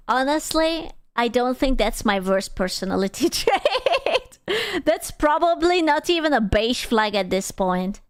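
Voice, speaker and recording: A woman's voice: sits high, sing-song, takes it slowly, smooth, dry recording, clean studio sound. A young woman streaming, chatting casually with her viewers; she is crude, teasing and playful, and laughs often. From Europe. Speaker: VTuber streamer.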